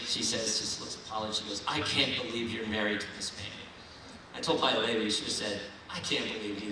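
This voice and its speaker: A man's voice: mid-range voice, bright, forceful tone, slight background noise. A man from Ohio giving a folksy, rousing keynote speech at a political dinner in a large banquet hall. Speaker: keynote speaker. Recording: echoey hall, mic heard from far.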